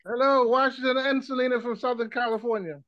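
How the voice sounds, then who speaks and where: A man's voice: extremely high pitch, steady tone, fairly quick, fairly bright tone, no room sound. A man co-hosting an online meeting over a video call, friendly and greeting callers, with some hesitant restarts. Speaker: co-host introducing a speaker. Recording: dull, dry video call audio.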